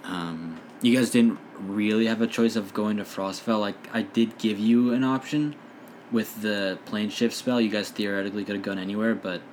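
A man who runs a tabletop game, talking in a relaxed, rambling way with lots of fillers. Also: fairly low pitch, moderate pace, a little hiss or hum. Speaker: dungeon master. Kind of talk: casual podcast chat.

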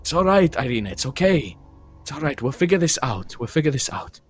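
A man voicing a protective young nobleman who reassures his sister in a soft, steady way. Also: on the high side, a little fast, soft background music, pitched above the performer's own voice. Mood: soothing. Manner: soothing, reassuring.

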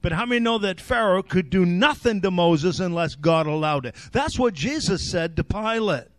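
A male pastor preaching an animated sermon that rises to shouts. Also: sits high, normal speed, dry recording.

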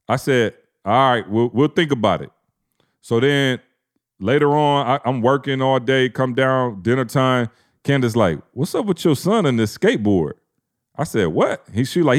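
Animated slangy man telling a story. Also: medium pitch. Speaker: podcast co-host. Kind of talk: casual storytelling.

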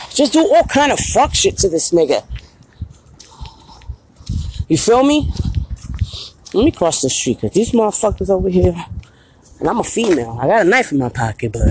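Animated, profane woman ranting on a street vlog. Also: medium pitch, a little hiss or hum, rough recording. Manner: profane, blunt, repeats "you feel me". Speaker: vlog host. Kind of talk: casual street vlog rant. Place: street outdoors at night. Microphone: phone held while walking.

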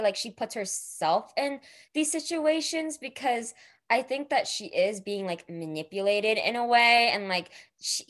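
A young woman in casual chat about a book, filling nearly every phrase with "like" and acting out the characters' lines. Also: medium pitch. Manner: says "like" constantly, animated retellings. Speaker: book discussion co-host.

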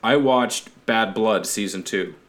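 A Canadian man co-hosts a casual podcast chat, speaking slowly in a lowish, slightly bright voice. He rambles, swears, laughs often and tries out silly accents while recommending a show.

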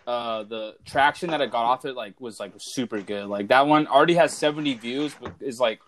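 A young man hosts a casual podcast and tells anecdotes with a loose, profane flow. His voice sits in a plain middle pitch. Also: brisk, a bit bright. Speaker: podcast host.

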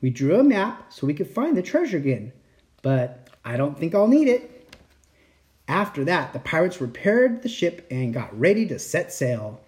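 A storybook reader with a very lively, sing-song voice that rises and falls through each sentence. The delivery is expressive and playful, with sound effects acted out during the tale. The overall pitch sits in the middle. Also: moderate pace. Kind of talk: reading a children's picture book aloud.

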